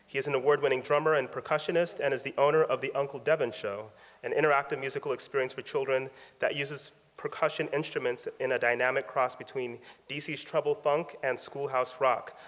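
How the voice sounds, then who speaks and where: A man's voice: mid-range voice, steady tone, brisk, a bit bright. Male awards emcee, formal scripted intro, long hall reverb. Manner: reads formally from a prepared script. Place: large event hall.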